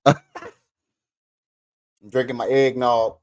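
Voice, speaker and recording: A man's voice: medium pitch, moderate pace, fairly bright tone, no room sound. A man hosting a casual livestream from his living room, chatting with viewers, cursing freely and laughing at himself. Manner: profane, laid-back, laughs at himself while reading comments. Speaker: livestream host.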